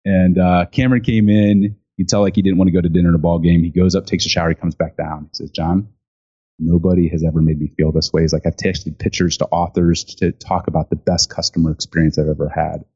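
A man telling a story in an interview, animated and chatty, acting out other people's lines with lots of fillers. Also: sits low, fast, slightly rough. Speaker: guest, speaker and author on gifting. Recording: dull lo-fi sound.

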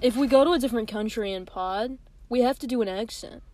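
A woman's voice: a little high, fast, warm tone. A woman co-hosting a podcast in casual, teasing banter. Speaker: podcast co-host. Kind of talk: casual chat.

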